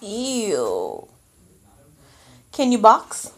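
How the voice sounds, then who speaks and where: A woman at home coaxing a toddler to say words, prompting in a drawn-out, sing-song way. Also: medium pitch, wildly swooping pitch, breathy edge. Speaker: parent.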